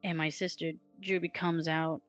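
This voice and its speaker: A woman telling her own story in a casual, chatty way, full of "like" fillers and quick giggles, on a slightly dull, lo-fi recording. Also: sits low, level tone, no echo, faint music behind. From Wisconsin, USA. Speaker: guest telling her near-death experience. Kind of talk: casual first-person storytelling.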